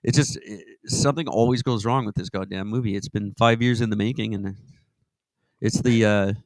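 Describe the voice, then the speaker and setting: A man's voice: on the low side, steady tone, moderate pace, no echo, poor audio. A man hosting a casual podcast chat, rambling and jokey.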